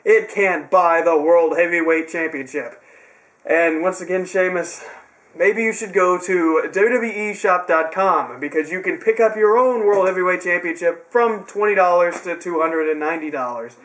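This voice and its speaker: Young male reviewer, high voice, chatty and sarcastic, loose home-video feel. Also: moderate pace, fairly bright tone. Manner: rambling, sarcastic asides. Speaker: wrestling show reviewer. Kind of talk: casual recap.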